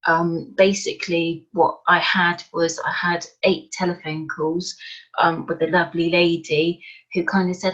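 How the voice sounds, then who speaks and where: A woman's voice: on the low side, level tone, measured pace, fairly bright tone. A woman guest on a podcast, telling her story in an earnest, plain-spoken way. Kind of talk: casual interview chat. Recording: dull lo-fi remote call audio.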